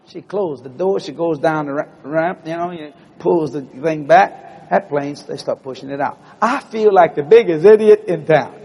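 A middle-aged male preacher telling a story in a sermon in a church, animated and breaking into loud exclamations. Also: on the high side, moderate pace, husky, in a large hall. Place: church building.

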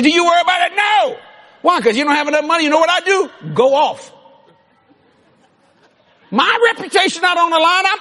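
A man preaching a sermon in an animated way, often shouting and laughing. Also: extremely high pitch, husky.

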